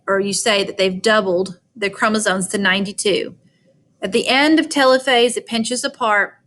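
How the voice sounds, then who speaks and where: A woman's voice: mid-range voice, fairly bright tone. Southern-accented woman teaching biology. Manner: chatty, explains step by step with frequent "all right" and "okay". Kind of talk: recorded biology lecture.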